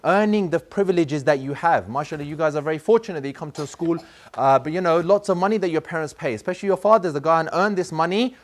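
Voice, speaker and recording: A man speaking to schoolchildren as a teacher, telling a moral story and acting out the boy and the father in it. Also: on the high side. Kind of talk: storytelling talk to a school class.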